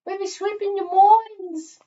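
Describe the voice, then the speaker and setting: A woman's voice: very high-pitched, fairly even intonation, slow, mellow, highs cut off, voice pushed up. A woman voicing a meek young German-British chimney-sweep boy who stammers and hesitates.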